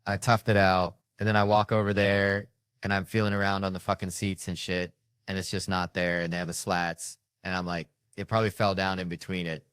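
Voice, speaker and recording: Deep-voiced man telling a rowdy story. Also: fairly quick, clear, resonant tone, no echo, clean studio sound. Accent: Southern US. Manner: animated, profane, acts out characters with big jumps in pitch and loudness. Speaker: comedian storyteller. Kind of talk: casual storytelling.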